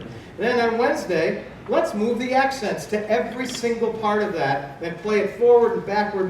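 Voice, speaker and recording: A man in his fifties leads a drum clinic in a big convention hall, firing questions at the crowd and answering them himself. His voice sits high for a man and reaches the mic from a distance, with heavy echo and clear background noise. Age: 50s. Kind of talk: live drum clinic talk.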